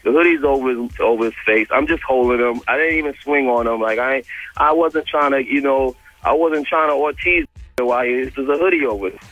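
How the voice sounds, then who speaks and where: A man's voice: mid-range voice, a little fast, no echo, faint music behind. Man with a New York accent on a muffled radio call. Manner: animated, retells quotes in a slangy street style. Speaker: radio show guest. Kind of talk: casual storytelling on a call-in. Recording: muffled radio phone-in audio.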